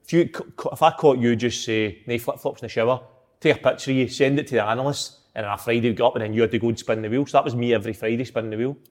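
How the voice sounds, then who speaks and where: A man's voice: mid-range voice, racing. A young man, a footballer, telling stories in casual chat and laughing often. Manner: laughs often, animated storytelling. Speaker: footballer guest.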